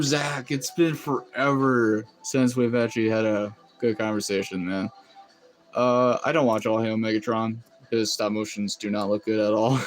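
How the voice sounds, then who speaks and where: A man chatting casually on a live stream, rambling and laughing often as he reacts to chat. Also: lowish voice. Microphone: phone.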